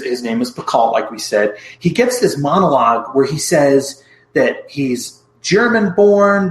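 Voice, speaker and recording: A man's voice: on the high side, roomy sound, rough recording. A man co-hosting a podcast, recapping a film plot in casual chat with lots of asides. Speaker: podcast co-host.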